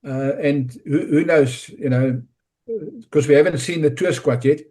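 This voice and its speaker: Guy chatting rugby on a podcast, bit of a higher voice, keeps repeating himself. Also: measured pace. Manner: restarts, repeats words, relaxed analytical. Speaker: rugby pundit. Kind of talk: casual podcast chat.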